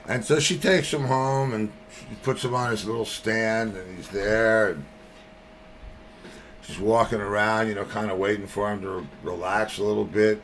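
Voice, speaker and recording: Slow, gravelly man telling a joke. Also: lowish voice, fairly bright tone, a little hiss or hum. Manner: rambling, laughs through the story. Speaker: podcast host. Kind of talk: casual chat, telling a joke.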